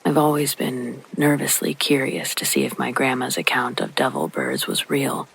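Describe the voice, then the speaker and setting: A man narrates a true horror story in a low, hushed, near-whispered voice. His tone is gravelly and husky, with an even middle pitch, and steady rain falls behind him. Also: poor audio. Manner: hushed, slow, often breathy and whispery. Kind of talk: scripted narration.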